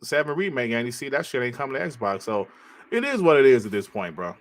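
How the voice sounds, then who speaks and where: A man's voice: medium pitch, big pitch swings, fast. A man hosting a casual gaming podcast over a call, loose and profane, often calling others bro. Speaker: podcast host. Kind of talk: casual chat.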